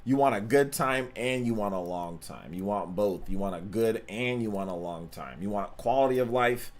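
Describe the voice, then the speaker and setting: A young man with a fairly low voice hosts a live stream. His talk is loose and slangy. He circles back over his own points, repeats phrases, and reads viewer messages aloud between thoughts. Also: moderate pace. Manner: chatty, repeats himself, slangy. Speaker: gaming livestream host. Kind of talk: casual live-stream chat, reading donations and chat.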